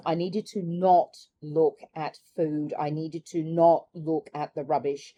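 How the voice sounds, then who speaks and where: A middle-aged woman chatting candidly in a personal vlog, musing aloud and laughing softly between thoughts. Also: sits low, little pitch movement, unhurried, few pauses, slight background noise. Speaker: carnivore diet vlogger. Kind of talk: reflective personal vlog chat.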